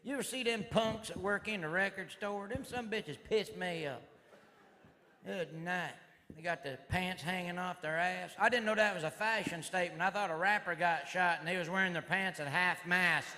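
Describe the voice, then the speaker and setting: A middle-aged man with a Southern US accent doing a stand-up comedy routine on stage, rambling in a rowdy redneck drawl and shouting his punchlines. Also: high-pitched, normal speed. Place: comedy club stage before a live audience. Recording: live hall recording with crowd noise. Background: audience laughter and crowd noise.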